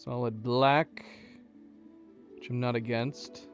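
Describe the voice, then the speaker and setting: A man's voice: medium pitch, steady tone, slow pace, lo-fi sound, soft background music. A man hosting a let's-play, casually thinking aloud and joking at the game characters. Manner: thinking aloud, chatty and wry. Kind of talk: casual gameplay commentary.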